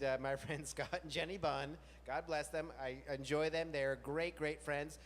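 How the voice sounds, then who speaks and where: Self-mocking man telling a story onstage. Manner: chatty, self-mocking, jumps into high silly voices for quoted bits. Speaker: host. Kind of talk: live storytelling on stage. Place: large music venue with live audience. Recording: long venue reverb, faint room noise.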